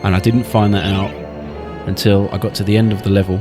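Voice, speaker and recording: A man's voice: fairly low pitch, flat delivery, fairly quick, music in the background. Wry man narrating gameplay. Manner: wry and chatty. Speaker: gaming channel host. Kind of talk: casual playthrough commentary.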